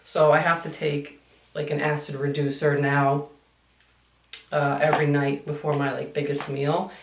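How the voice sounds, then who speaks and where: A woman's voice: deep voice, little pitch movement, normal speed, background noise. Chatty makeup vlogger, a woman who rambles and swears casually, roomy sound a bit off mic. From United States. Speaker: beauty vlogger. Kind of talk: chatty get-ready-with-me vlog. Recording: echoey room, somewhat far from mic.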